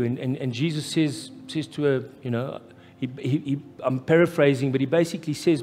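A man with a South African accent preaching a live sermon as pastor, impassioned and rising to loud, emphatic peaks. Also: a little high, moderate pace, hardly any pauses. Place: church hall, live. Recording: echoey church hall with faint music.

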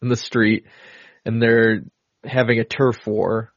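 A man's voice: on the low side, little pitch movement, takes it slowly, no room sound. A man co-hosting a podcast in casual chat, retelling film scenes in a rambling way with many fillers. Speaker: podcast co-host. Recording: dull lo-fi dry sound.

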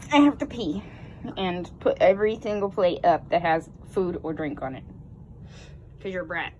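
A woman's voice: lowish voice, a little hiss or hum. A woman talking to her pet genet in teasing, coaxing baby talk. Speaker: exotic pet owner.

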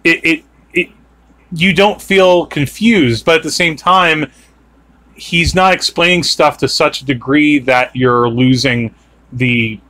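A man's voice: fairly high pitch, slow, pushed and bright. A man hosting a podcast, chatting casually and rambling with many fillers and restarts. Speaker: podcast host. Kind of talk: casual chat.

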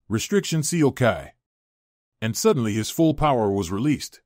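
A man reading fan fiction aloud in a steady, matter-of-fact way. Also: medium pitch, normal speed, no echo, clean studio sound. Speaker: narrator.

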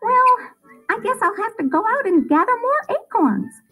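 Woman doing a high chirpy storybook squirrel girl. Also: very animated, moderate pace, pushed and bright, exaggerated voice. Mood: worried. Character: small busy female squirrel.

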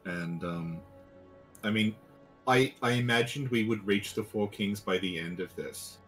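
A man with a lowish voice chats casually on a game stream. He rambles through fillers and restarts and drops dry, self-mocking jokes. Faint music plays in the background. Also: a little slow, poor audio. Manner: relaxed, rambling with many fillers.

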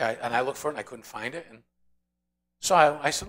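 A man with a mid-range, expressive and fairly bright voice talks fast while teaching a Bible study. Speaking like an informal sermon, he brings stories to life by acting out the voices of their characters.

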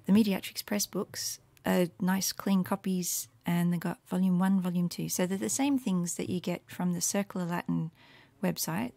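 A Latin teacher with a lowish voice and vocal fry walks through her teaching materials on screen in a relaxed, meandering way. She fills gaps with ums and slips into soft murmured asides. The audio is dry and close, with no room echo.

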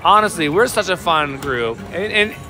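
A man's voice: fairly high pitch, lively intonation, normal speed. A man hosting a live slot stream, reading viewer comments aloud with playful, laughing banter. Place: casino floor. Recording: casino floor with loud machine music. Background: slot machine music.

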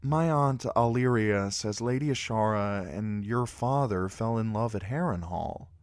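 A man's voice: on the low side, measured pace, no echo, studio quality, voice pushed up. A man voicing a shy, polite boy squire and young lord in a storybook reading, earnest and a little hesitant. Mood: solemn.

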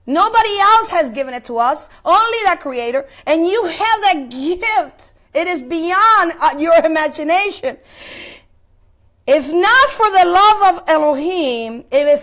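Woman preacher, very high voice, sermon delivery, questions to the congregation, halting repeats. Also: a bit bright. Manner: asks the congregation questions, repeats words while searching. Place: place of worship.

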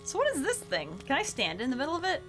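A young woman streaming a horror game, jumpy and excitable, shrieking when scared. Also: high voice, quick pace. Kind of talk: horror game let's play. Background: game music.

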